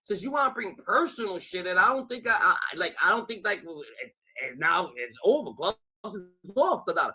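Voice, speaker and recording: A man holds forth on a rap feud during a live stream, his voice high and lively. His tone is piercingly bright, and he swings between loud shouting and quick asides. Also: slightly rough. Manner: loud, shouting often, swearing, repeats catchphrases. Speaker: streamer commentator. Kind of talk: rap beef commentary stream.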